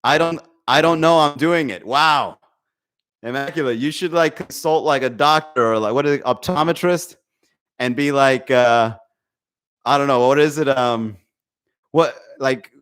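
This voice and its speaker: His voice is on the high side with a fairly bright tone. The man hosts a comedy podcast in the style of a casual livestream chat, rambling along, swearing freely and laughing often.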